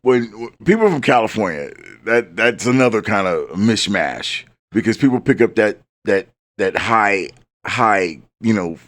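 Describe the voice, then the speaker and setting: A man from the US West Coast, co-hosting a podcast in casual chat, animated and given to quoting people in put-on voices. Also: on the low side, unhurried, no room sound. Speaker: podcast co-host.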